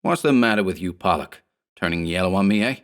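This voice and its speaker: A man's voice: sits low, expressive, quick pace. A man voicing a cocky, scornful 1930s gang boss who talks in harsh gangster slang, in a horror audiobook.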